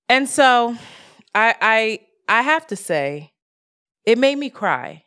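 Woman, podcast co-host, casual chat, swearing, animated venting, fairly high voice. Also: slow, smooth. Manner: animated, profane, venting rant. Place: lives in Brooklyn.

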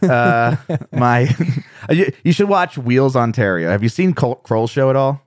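A man's voice: mid-range voice, animated, unhurried, dry recording, studio quality. A man speaking as a guest on a podcast, rambling and self-deprecating, often laughing. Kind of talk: conversational interview.

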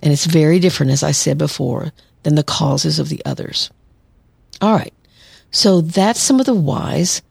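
Low gravelly-voiced woman therapist host. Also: moderate pace, a little mellow, dry recording. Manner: conversational, acts out quoted lines, laughs lightly. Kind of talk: solo podcast advice talk.

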